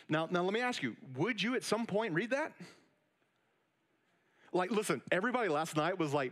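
A middle-aged pastor preaches from a church stage in a loose, chatty way. His voice sits a little higher than most men's, and he keeps pulling the room in with quick questions. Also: animated, a bit bright. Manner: casual, conversational preaching with frequent "all right?" check-ins. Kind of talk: sermon.

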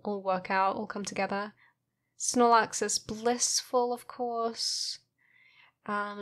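A sleepy woman talks slowly through her painting process in a relaxed voice-over. Her voice sits at an ordinary middle pitch, and she keeps the commentary playful and teasing toward herself. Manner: playful, self-mocking, chatty. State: sleepy, recently woken. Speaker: artist narrating her painting.

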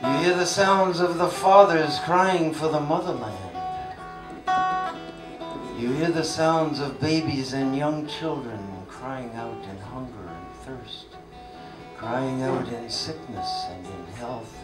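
A man performing a folk song, chanting a slow refrain and speaking storytelling verses between the sung parts. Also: mid-range voice. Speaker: folk singer. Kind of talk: folk song with spoken interludes. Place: live folk venue. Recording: roomy live recording, distant mic, guitar behind. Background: guitar accompaniment.

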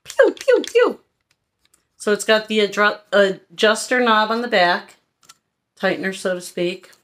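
Chatty woman haul vlogger, bright and forward voice, frank and rambling. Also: medium pitch, steady tone, moderate pace. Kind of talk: casual haul review.

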